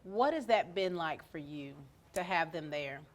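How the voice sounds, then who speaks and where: A woman's voice: lowish voice, lively intonation, measured pace. A woman interviewing a student for local TV, effusive and encouraging, with rambling, looping questions. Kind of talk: casual interview.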